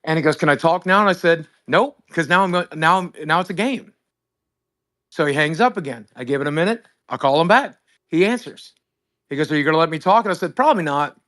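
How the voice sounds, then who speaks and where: A man's voice: fairly high pitch, animated, fairly quick, a bit bright. Man ranting through a profane story. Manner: profane, emphatic, acts out both sides of a phone call. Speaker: streamer host. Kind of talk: animated storytelling on a livestream.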